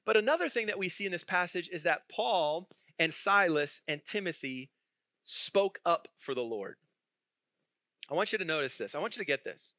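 A man's voice: high-pitched, lively intonation, normal speed, bright, forceful tone, dry recording, studio quality. A male pastor preaching a sermon in a conversational way, asking the congregation questions and chuckling through his stories.

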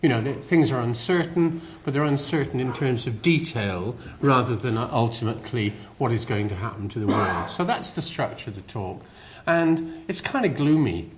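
A man's voice: mid-range voice, expressive, moderate pace, background noise. Older West Country man lecturing. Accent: West Country English. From West Country of England. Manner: chatty, self-deprecating, many fillers and restarts. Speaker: guest lecturer. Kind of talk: public lecture. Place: lecture hall.

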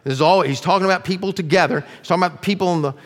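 A middle-aged male pastor preaching a sermon earnestly, dropping his voice low to stress key lines. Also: very fast. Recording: long reverb of a large room.

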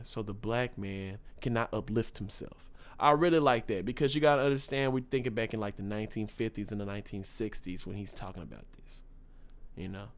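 A man's voice: medium pitch, clear, resonant tone. A man hosting a podcast, telling stories in a loose, profane, ranting way. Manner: loose, profane storytelling, mocking voices and rants. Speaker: podcast host. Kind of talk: casual monologue.

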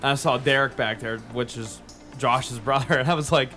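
A man's voice: medium pitch, steady tone, normal speed, pushed and bright, soft background music. A young man, hosting a casual podcast chat, rambling, swearing and laughing often.

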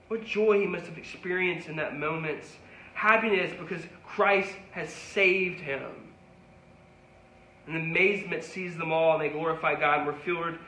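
A man's voice: fairly high pitch, sharp tone, reverberant, low-quality recording. A man preaching a sermon as a pastor, conversational and rising to emphatic peaks.

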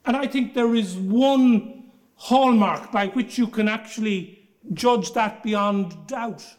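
A man, a barrister giving a formal lecture and telling anecdotes in a measured storytelling way. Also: sits high.

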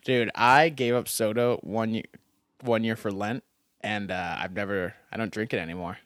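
A man's voice: on the low side, steady tone, normal speed, a bit bright, no echo, clean studio sound. A man co-hosting a podcast, chatting casually and joking with an easygoing manner. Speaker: podcast co-host. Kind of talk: casual chat.

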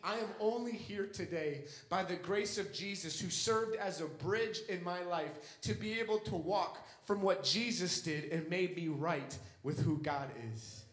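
A man's voice: high-pitched, unhurried, hardly any pauses, a bit bright, echoey room, poor audio. A young man preaching a sermon with an impassioned, repetitive cadence.

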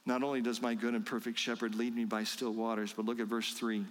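A man preaching a sermon, slow and emphatic, asking his listeners rhetorical questions. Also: medium pitch, level tone, big-room sound. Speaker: pastor.

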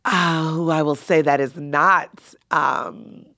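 A woman comedian chatting as a podcast guest in a somewhat low voice. She is laid-back and mostly gives short, agreeable replies. The sound is dry and close. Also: steady tone, slow, pushed and bright, no room sound. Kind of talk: casual chat.

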